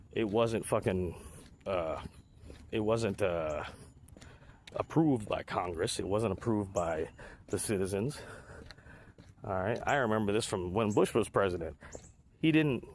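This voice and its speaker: A man's voice: medium pitch, slight background noise. A man, hosting a talk show and delivering a heated, profane, mocking political rant. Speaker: podcast host.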